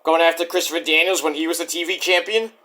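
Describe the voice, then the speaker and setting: A man's voice: fairly high pitch, fairly even intonation, fast, pushed and bright. A man recapping a wrestling show in a casual, rambling vlog with profane asides.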